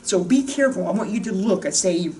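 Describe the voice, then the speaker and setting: A woman's voice: mid-range voice, lively intonation, fast, mellow, far from the mic, slight background noise. A woman giving a chatty, joking diet talk as a wellness coach, standing by a board in a room. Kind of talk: casual diet talk to camera. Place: room with a whiteboard.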